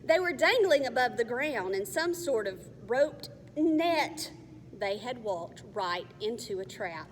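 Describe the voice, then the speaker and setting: A woman reading a children's novel aloud in a careful, measured way. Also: fairly high pitch, sing-song. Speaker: narrator. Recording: faint long reverb, faint hiss.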